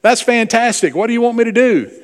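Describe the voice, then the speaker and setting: A man voicing a desperate man hanging from a cliff branch, high-pitched and pleading, in a reverberant hall. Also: big pitch swings, brisk. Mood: panicky.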